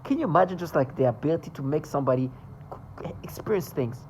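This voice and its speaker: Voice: animated, fast talker, slight background noise, rough recording. Intense, agitated vlogger ranting to camera. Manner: intense, agitated, swears often, swings between loud outbursts and low mutters. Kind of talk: emotional monologue to camera.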